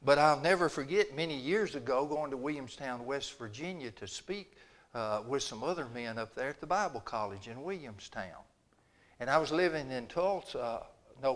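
A man's voice: mid-range voice, a bit bright. An older man, preaching a sermon in a chatty, folksy storytelling way, acting out the dialogue.

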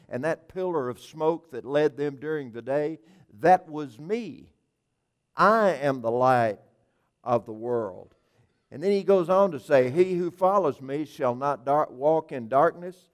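A man's voice: on the high side, smooth. A man preaching an evening sermon, earnest and emphatic, repeating key phrases with occasional restarts and filler words.

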